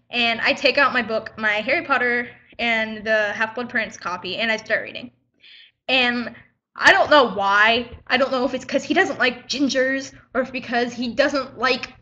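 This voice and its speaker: Indignant teen girl vlogging, bright voice. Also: a little high, dull audio. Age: teens. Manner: indignant, chatty retelling with quoted back-and-forth. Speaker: high school student vlogger. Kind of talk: casual vlog storytelling.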